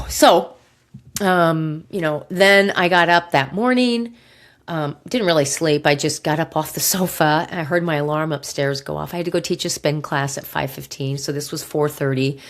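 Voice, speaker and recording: A middle-aged woman hosting a podcast, telling a personal story in an emotional, halting way with sighs and pauses, close to tears. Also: low-pitched. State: near tears. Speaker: podcast host.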